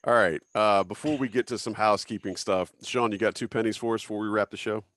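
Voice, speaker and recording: A man with a low voice hosts a casual sports podcast, joking around in a loose, easy way. He is recorded dry and close to the microphone. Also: fairly even intonation, fast talker, fairly bright tone, no room sound. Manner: joking, loose, reads out listener names. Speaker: podcast host.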